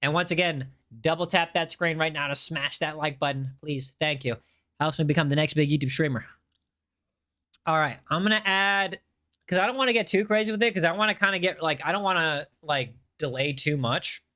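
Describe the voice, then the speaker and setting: Male game streamer, casual, talks to chat, bright forward tone, on a desk mic. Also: a little high, fairly even intonation, a little fast. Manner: chatty, reads chat aloud, repeats himself. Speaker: game livestreamer.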